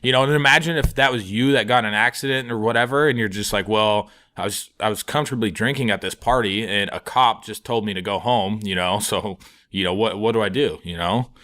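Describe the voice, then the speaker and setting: Telling a meandering story on a comedy podcast he co-hosts, a man in his twenties swears plenty and leans on fillers throughout the casual chat. He talks fairly quickly in a lowish voice that sounds pushed and bright.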